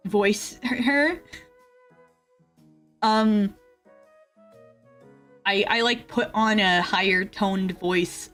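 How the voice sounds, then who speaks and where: Brief: young woman VTuber, high bright voice, giggly live chat, faint music behind. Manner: giggly, chatty, reads and answers chat. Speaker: VTuber streamer. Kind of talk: casual livestream chat.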